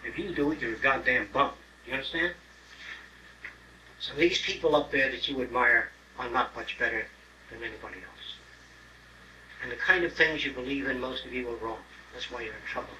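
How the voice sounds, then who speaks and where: A man's voice: medium pitch, moderate pace, bright, forceful tone. A man in his sixties giving an informal lecture, blunt and profane, who acts out other people's voices. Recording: roomy, distant mic, faint hiss on an old tape.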